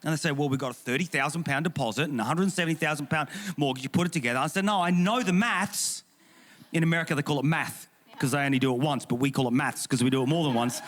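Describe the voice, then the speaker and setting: A man's voice: mid-range voice, fairly even intonation, very fast, hardly any pauses. A man with an English accent, a pastor speaking on a panel, joking and emphatic, with frequent restarts. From England. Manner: humorous, emphatic and indignant, with repeated restarts. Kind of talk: panel discussion talk.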